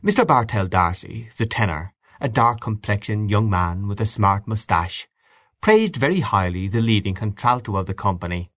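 A male narrator reads a classic story in a measured, expressive way. His voice sits low but moves freely in pitch. The recording is close and dry. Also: dry recording. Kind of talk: audiobook reading.

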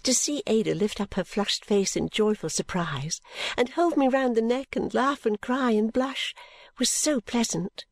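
A woman reading a classic novel aloud as first-person narrator, in a gentle, measured storytelling manner. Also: on the high side, no room sound, studio quality. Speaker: audiobook reader.

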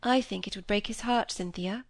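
A woman's voice: medium pitch, moderate pace, no echo, natural voice. A woman voicing a serious, earnest young woman who speaks sincerely and firmly.

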